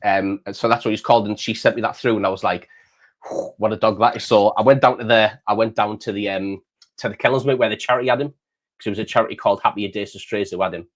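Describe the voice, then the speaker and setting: A man's voice: lowish voice, fairly even intonation, quick pace. A man, hosting and telling a long story in casual chat, repeating words and calling the listener mate. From England. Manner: rambling, repeats words, says "mate" often. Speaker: channel host.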